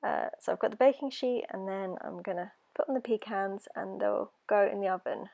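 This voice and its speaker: Hoarse British woman chatting through a bake. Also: medium pitch, a little fast, darkish tone, dull audio. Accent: British English. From England. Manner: chatty and rambling, lots of ums. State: hoarse from hay fever. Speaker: home baker vlogger. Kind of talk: casual baking vlog chat.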